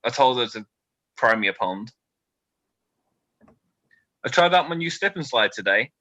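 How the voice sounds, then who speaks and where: A British man in his twenties doing a stand-up set, delivering deadpan one-liners with nervous asides to a quiet crowd. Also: medium pitch, dry recording, highs cut off. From Britain. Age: 20s. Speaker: stand-up comedian.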